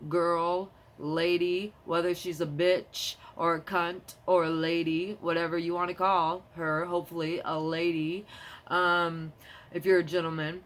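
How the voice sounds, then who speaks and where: A young woman vlogs in a loose, wandering monologue, her voice sitting a little low. She drifts from topic to topic and gets heated and emphatic easily. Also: flat delivery. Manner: rambling, tangential, quick to get heated. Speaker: vlogger. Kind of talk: rambling casual monologue to camera.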